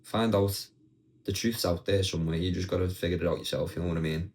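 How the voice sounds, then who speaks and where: A man's voice: low-pitched, fairly even intonation, fast talker, a little mellow, rough recording. A young man ranting casually and bluntly to his viewers, swearing freely and talking straight at the camera. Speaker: vlogger.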